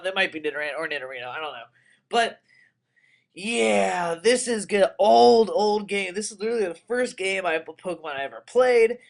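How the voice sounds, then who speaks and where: Rambling young man playing a game. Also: high-pitched. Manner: rambling, excitable, crude jokes. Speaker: let's player. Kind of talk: casual game commentary.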